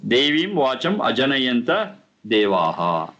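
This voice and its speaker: Husky man teaching scripture, lively pitch. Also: highs cut off. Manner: slow, repetitive teaching with recited verses. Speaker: teacher of Vedic texts. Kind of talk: explaining scripture in a class.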